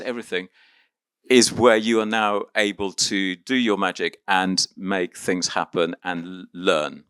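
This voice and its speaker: A man's voice: medium pitch, a bit bright, clear, resonant tone, no room sound. A man from Argentina leading an interactive teaching workshop, upbeat and encouraging as he coaxes volunteers along.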